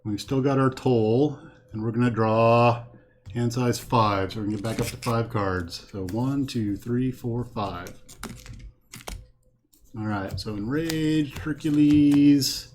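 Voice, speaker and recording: A man plays through a card game on his own and talks every move out loud as he goes. He counts cards one by one and weighs his choices as he thinks aloud. His pitch sits in the middle range for a man. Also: takes it slowly, a little hiss or hum. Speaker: host playing a card game. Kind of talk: casual solo card game playthrough commentary. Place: home setup with a green screen.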